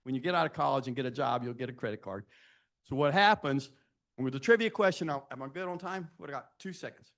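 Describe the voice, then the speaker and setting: A man's voice: medium pitch, expressive, fast talker, a bit bright. Man in his sixties telling career stories. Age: 60s. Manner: anecdotal, self-deprecating storytelling; asks the audience direct questions. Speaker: panelist speaking to students. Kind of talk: speaking at a live event.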